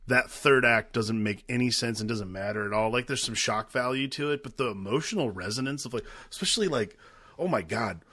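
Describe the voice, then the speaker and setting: A man's voice: mid-range voice, a little fast, sharp tone, no echo, clean studio sound. A man in his thirties co-hosting a podcast, talking casually, agreeably, and swearing freely. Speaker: podcast co-host.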